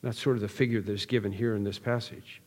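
A man's voice: fairly low pitch, fairly even intonation, fast talker, darkish tone, in a large hall. A man preaching an expository sermon, earnest and emphatic, building through repeated phrases with frequent restarts. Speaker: pastor.

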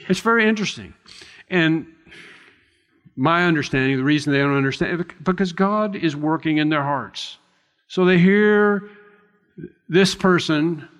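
A man's voice: on the high side, expressive, moderate pace, a bit bright, long reverb tail. A man preaching an expository sermon in a conversational, reflective way, often restarting and adding asides.

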